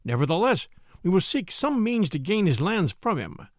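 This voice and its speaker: A man voicing a wizened, sly old lawyer with a dry, husky voice, speaking smoothly in a storybook reading. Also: high-pitched, very animated, normal speed, no echo.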